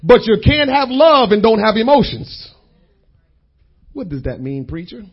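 A man preaching a sermon, repeating key lines and calling out to the congregation in drawn-out phrases. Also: high-pitched, big pitch swings, highs cut off.

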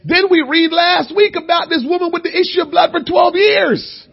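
A man with a strikingly high voice teaches a Bible lesson like a sermon. He tells the stories in a folksy, humorous way and often rises into loud, emphatic shouts to drive a point home. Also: normal speed, vocal fry, lo-fi sound. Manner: animated storytelling, breaking into shouts for emphasis. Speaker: church teacher.

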